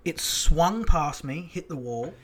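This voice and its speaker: A man's voice: fairly high pitch, lively intonation, takes it slowly, a bit bright, slight background noise. A middle-aged man with an Australian accent, hosting a casual podcast chat and telling a story in a blunt, profane, laid-back way. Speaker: podcast host.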